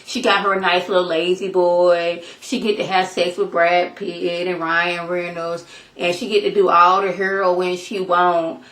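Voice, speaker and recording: A woman's voice: on the low side, a little slow. Woman recapping a show in an echoey room. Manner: animated, jumps into character voices. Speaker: TV episode reviewer. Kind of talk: casual recap vlog.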